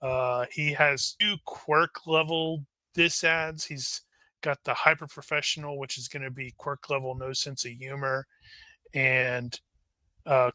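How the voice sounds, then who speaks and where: A man talking over his character with his game group in a chatty, joking way. His voice is strikingly bright and tense, and the sound is dry and close. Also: mid-range voice, no echo. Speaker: player. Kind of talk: casual tabletop session chat.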